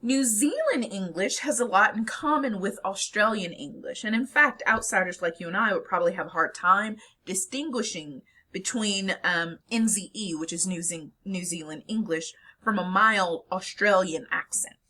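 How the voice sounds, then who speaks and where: Lecturer, female, bright and slightly husky voice, animated delivery, explanatory. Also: medium pitch, moderate pace, hardly any pauses. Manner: explanatory, lively, with fillers. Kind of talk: recorded lecture.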